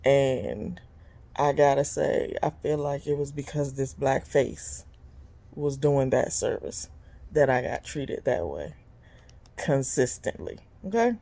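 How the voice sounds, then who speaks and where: A woman in her fifties, hosting her own vlog, vents in a blunt, casual monologue. She is animated and exasperated, with sudden leaps in pitch and occasional laughs. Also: slow, gravelly. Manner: animated and exasperated, big jumps in pitch when quoting people; blunt and conversational, with frequent laughs. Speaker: vlog host and business owner.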